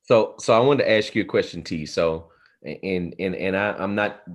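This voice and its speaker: A man's voice: deep voice, moderate pace. A man hosting a casual interview in a laid-back way. He restarts his sentences and keeps checking in with "right?". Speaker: podcast host.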